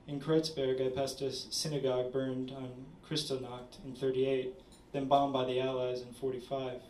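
A man reading his own short story aloud at a literary event, measured with small stumbles. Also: mid-range voice, flat delivery, darkish tone, slight background noise. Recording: roomy, distant audience recording.

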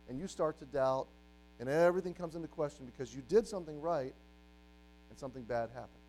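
Animated man preaching, high voice. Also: fairly quick, low-quality recording. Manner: animated, acts out quoted voices, swings between loud and hushed. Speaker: youth pastor. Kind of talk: sermon.

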